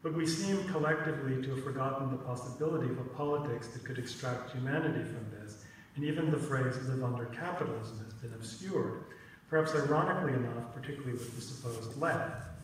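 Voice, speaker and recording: A man giving a talk at a teach-in, halting and repeating words, with many ums and tag questions. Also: mid-range voice, slight background noise. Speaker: teach-in speaker. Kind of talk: lecture with frequent fillers. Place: lecture room. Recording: echoey room, mic far off.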